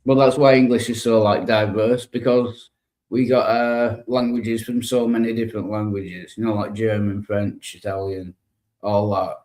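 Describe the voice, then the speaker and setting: A man's voice: on the low side, level tone, moderate pace, a little mellow, reverberant. A man in casual conversation, agreeable and chatty. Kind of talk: casual chat.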